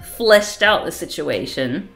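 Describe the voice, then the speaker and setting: Give me a woman live-streaming a visual novel, reading it aloud in a lively, up-and-down voice. She often cuts herself off, flustered and laughing, with wry remarks between lines. Soft game music sits in the background. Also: sits low, takes it slowly, creaky. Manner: wry, laughing asides and flustered self-interruptions.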